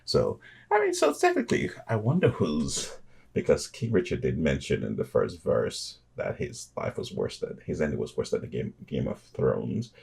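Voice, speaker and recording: A man's voice: very deep voice, huge pitch swings, moderate pace, gravelly, a little mellow, husky. A man hosting a reaction video, chatting casually with enthusiasm and chuckles, often restarting his sentences.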